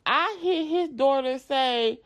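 A woman, telling a story to her viewers in a blunt, profane, animated way. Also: sits high, slow. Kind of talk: casual storytime vlog.

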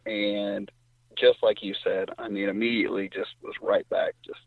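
A man's voice: normal speed, gravelly, no echo. Man telling a hunting story over the phone. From Indiana. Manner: animated storyteller, voice jumps high when quoting others. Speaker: guest hunter. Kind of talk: casual storytelling. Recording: tinny phone line.

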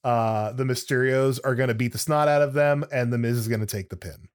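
A man in casual podcast chat, rambling and joking through his asides. His voice sits at an everyday middle pitch, and his delivery is loose and conversational. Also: a little fast, smooth. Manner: chatty and jokey, with many fillers and asides. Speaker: wrestling podcast co-host.

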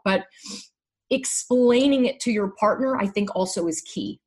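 Husky middle-aged woman speaking candidly. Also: mid-range voice. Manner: candid, halting, restarts often. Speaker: guest sharing her story. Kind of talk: emotional personal conversation.

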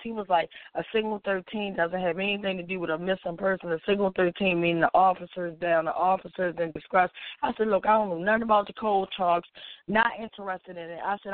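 A woman speaking at medium pitch, recorded dry with a tinny phone quality, casually walks through a personal story. She animatedly plays out the dialogue of those involved and says "like" frequently.

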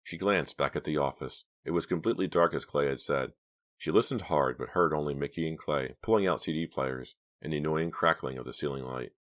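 Very deep-voiced male narrator. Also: brisk, fairly bright tone. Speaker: audiobook narrator. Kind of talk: scripted narration.

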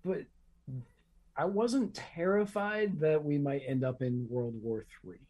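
Podcast co-host, warm mellow voice, earnest and emphatic. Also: male voice, a little high, takes it slowly. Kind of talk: casual chat.

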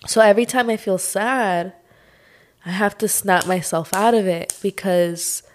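A young woman hosting her own podcast, talking through a personal struggle in a slow, heartfelt monologue full of sighs and "like". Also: medium pitch, slight background noise. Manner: slow, sighing, heartfelt, says "like" often. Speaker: podcast host.

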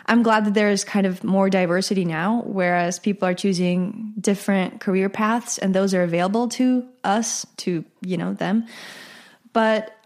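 Teenage girl, podcast host, casual solo chat, rambling, self-correcting, mid pitch. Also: fairly even intonation, moderate pace. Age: teens.

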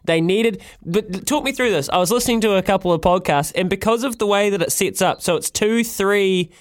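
A New Zealand man hosting a sports radio show, jovial and quick to laugh. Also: high-pitched, dry recording. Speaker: radio host.

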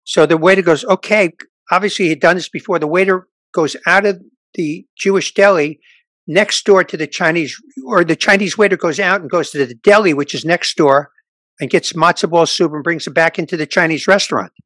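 This is a dry recording of an older man, a stand-up comedian, recounting tales briskly in a casual interview. His voice is slightly high, and he animatedly acts out the people he quotes in their voices.

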